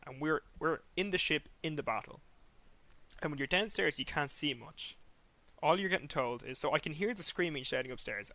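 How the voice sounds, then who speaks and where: A young man hosting a podcast, telling a long rambling story in an animated way, acting out sounds and swearing casually. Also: medium pitch. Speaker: podcast host.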